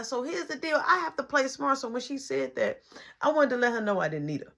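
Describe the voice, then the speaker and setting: A young woman telling a story in casual storytime style, acting out the voices and shifting between loud and hushed. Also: high voice, animated, fairly quick.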